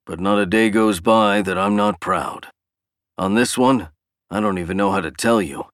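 Gruff older father, blunt, affectionate, lowish voice, dry sound, voiced by a man narrator. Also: normal speed, a bit bright, dry recording, lightly acted. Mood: proud.

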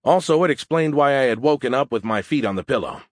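A man narrating a first-person audiobook in an even, matter-of-fact way. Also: mid-range voice, fast, no room sound, clean studio sound.

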